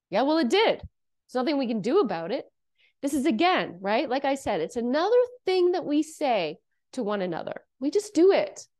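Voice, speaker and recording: A Canadian woman talks directly to her listeners in a casual self-help monologue, coaching them earnestly and checking in with "okay?" and "right?". Her voice sits a little high and has a darkish tone.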